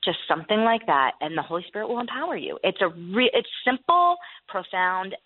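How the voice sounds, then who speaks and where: A woman's voice: medium pitch, sing-song, fairly quick, breathy edge, no room sound. A woman author telling faith stories earnestly in an interview. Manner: earnest storytelling with laughs. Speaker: guest author. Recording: tinny phone line.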